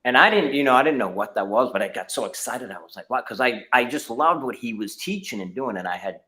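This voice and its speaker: A man's voice: medium pitch, animated, a little fast, bright, forceful tone. A middle-aged man, a martial arts instructor, telling his story in a casual interview over a video call, with many fillers and restarts.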